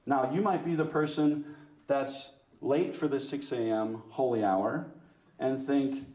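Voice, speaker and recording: Man, parish talk, lively, self-mocking jokes, middle pitch, roomy hall echo. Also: measured pace, far from the mic. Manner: lively, joking, self-mocking, asks the audience. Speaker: parish speaker. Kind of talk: talk to a women's church group. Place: church meeting room.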